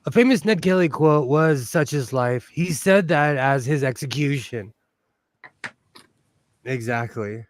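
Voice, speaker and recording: A man's voice: a little high, measured pace, pauses often. A man, hosting a casual livestream while he sews, rambling and sentimental with lots of fillers. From United States. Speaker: host.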